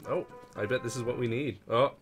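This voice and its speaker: A man's voice: medium pitch, a little fast. A man co-commenting a game, dry and teasing, playing along with a mock Russian accent. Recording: game music playing behind.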